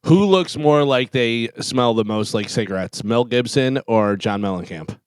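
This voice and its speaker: A man's voice: mid-range voice, animated, clear, resonant tone, no echo. A man co-hosting a radio show, chatting casually, riffing on the host's stories and agreeing often. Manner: chatty, quick to agree and riff. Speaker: radio co-host. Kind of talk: casual studio banter. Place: radio studio.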